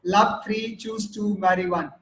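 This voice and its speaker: A man's voice: sits high, steady tone, a little slow, fairly bright tone. A man taking part in an online workshop, making joking side remarks. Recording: echoey room with faint noise.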